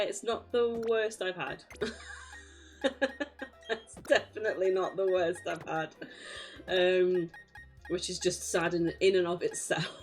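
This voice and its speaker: A young British woman chatting casually on a live game stream, laughing often and poking fun at herself. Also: fairly low pitch. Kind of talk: casual live-stream chat while gaming.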